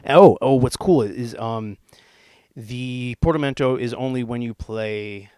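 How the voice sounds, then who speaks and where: A man with a middle-pitched, mellow voice talks through a synth demo in a loose, rambling way, cracking jokes and swearing now and then. Synth tones play clearly behind him as he explains the controls. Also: unhurried, faint music behind. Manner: rambling and jokey, with swearing and silly put-on accents. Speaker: gear reviewer demonstrating a synth. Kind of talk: casual demo walkthrough. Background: synthesizer tones playing.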